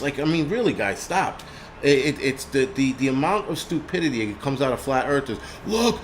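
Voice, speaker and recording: An angry man hosts a livestream and rants with a torrent of profanity, tripping over his own words as he restarts. His voice sits a little high for a man. Faint noise hums behind him. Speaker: host. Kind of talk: livestream rant.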